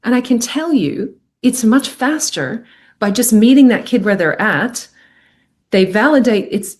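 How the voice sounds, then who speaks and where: A middle-aged woman speaking as a podcast guest, earnest and animated, often acting out what people say. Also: on the high side, a little slow. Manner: earnest, animated, acts out quoted speech. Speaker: podcast guest, medical intuitive. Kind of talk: reflective podcast conversation.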